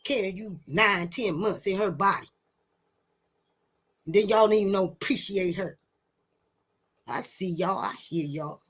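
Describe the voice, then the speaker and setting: A woman's voice: medium pitch, a little slow, pauses often, fairly bright tone, breathy edge. Blunt, preachy woman lecturing viewers. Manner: emphatic, blunt, swears, repeats words for stress; taunting rhetorical questions. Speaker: self-styled teacher addressing viewers. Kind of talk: preachy direct-to-camera monologue.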